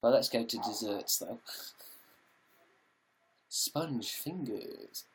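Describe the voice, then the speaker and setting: A man's voice: medium pitch, expressive, very slow, slight background noise. A British man chatting casually on a live stream, reading out viewer comments and answering them in a jokey, sweary way from his home.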